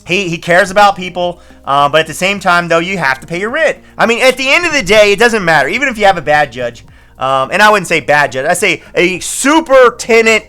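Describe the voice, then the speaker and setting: A man's voice: sits high, animated, brisk, bright, forceful tone, clear, resonant tone, faint music behind. A man hosting a casual storytelling vlog as a landlord, rambling and chatty, with many fillers and restarts. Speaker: landlord and channel host.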